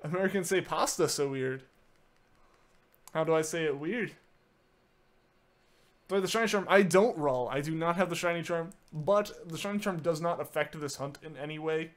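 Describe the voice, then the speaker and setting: A man streams a game and casually chats with viewers, answering their messages in a fairly high voice at a moderate pace with long pauses. His talk is filler-heavy, full of "like"s and restarted sentences.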